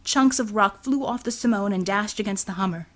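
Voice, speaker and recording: A woman reading an action novel aloud as audiobook narrator, steady and expressive. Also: mid-range voice, a little fast. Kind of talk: scripted narration.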